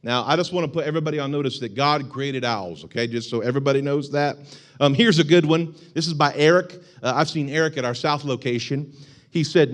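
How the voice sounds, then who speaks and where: A man preaches to his congregation with an easy, joking manner. He is a young adult pastor whose voice sits slightly high. He laughs along with his own stories and throws in mock shouts. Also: a little fast. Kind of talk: sermon. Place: church sanctuary.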